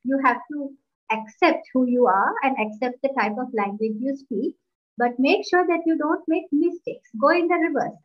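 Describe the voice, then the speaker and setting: High-voiced woman giving firm advice. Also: normal speed. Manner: direct and instructive, repeated "right?". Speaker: co-host of an English-learning talk. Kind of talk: advice to viewers. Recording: dull lo-fi audio.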